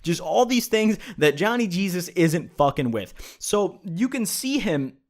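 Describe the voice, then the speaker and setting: Young man, vlogger, casual storytelling, profane, joking, slightly high-pitched. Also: big pitch swings, a little slow. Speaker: YouTuber.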